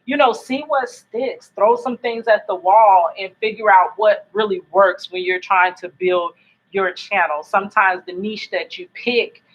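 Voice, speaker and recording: A chatty woman vlogger talks to her viewers from home at night, wandering from thought to thought and laughing easily. Her voice sits at a middling pitch. It comes through a laptop's built-in mic, so the sound is dull and lo-fi. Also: measured pace. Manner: rambling, chatty, laughs often. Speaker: YouTube vlogger. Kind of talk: casual chat to camera.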